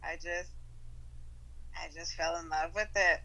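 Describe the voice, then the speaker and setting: A woman's voice: fairly low pitch, steady tone, unhurried, vocal fry, pushed and bright, slight background noise, poor audio. A woman guest on a podcast chatting casually, upbeat and playful, laughing often.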